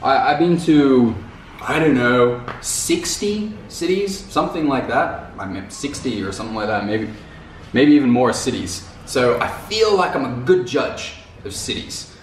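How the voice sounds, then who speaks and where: In a very echoey room, a man with a medium-pitched, animated voice talks casually to the camera at normal speed. He's off mic and distant, with faint noise, rambling loosely, repeating words and using casual slang.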